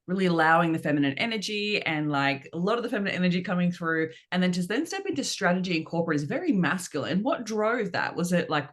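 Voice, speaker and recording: A woman's voice: fairly low pitch, lively intonation, fast talker, few pauses. A woman hosting a podcast interview, effusive and enthusiastic in casual chat. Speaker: podcast host.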